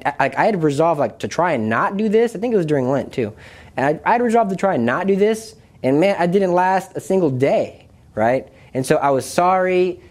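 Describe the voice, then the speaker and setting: A man's voice: fairly high pitch, darkish tone. Young man, earnest testimony, confessional tone, restarts a lot, voice jumps up when emphatic. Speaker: speaker sharing his testimony. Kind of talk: personal religious testimony.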